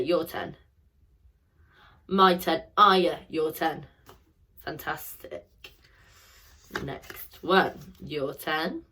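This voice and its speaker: A woman's voice: on the low side, pushed and bright, slightly rough. A young woman teaching a phonics lesson to children, drilling sounds in call and response and praising each answer.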